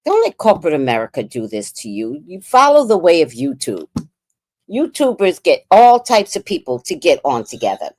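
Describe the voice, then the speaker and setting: A woman with a New York accent talks through a livestream in a low, husky-bottomed voice that swoops up and down with lively intonation. She is outspoken and swears freely, addressing viewers directly. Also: moderate pace. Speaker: livestream commentator. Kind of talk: casual livestream commentary.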